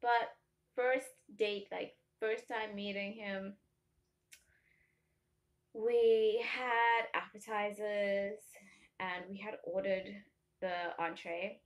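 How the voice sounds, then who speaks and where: A young woman from Africa, chatting casually to camera and telling animated stories full of tangents and laughter. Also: mid-range voice, drawn-out words, long pauses. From South Africa. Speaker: vlogger.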